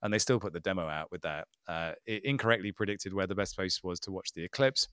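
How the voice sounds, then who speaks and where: A man co-hosting a casual tech podcast, talking in an animated, sarcastic way and mimicking people he mocks. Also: deep voice, fast talker, smooth, no room sound, clean studio sound. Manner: animated, mocking impressions, sarcastic. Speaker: podcast co-host.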